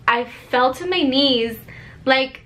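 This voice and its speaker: A young woman casually telling a personal story to her viewers, chatty and animated, with lots of "like". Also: sits high, takes it slowly.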